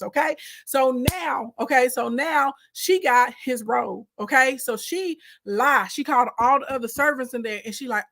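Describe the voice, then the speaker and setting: A woman giving a lively, slangy, humorous Bible retelling, calling her listeners girl and baby. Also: high-pitched, moderate pace, few pauses. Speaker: Bible storyteller.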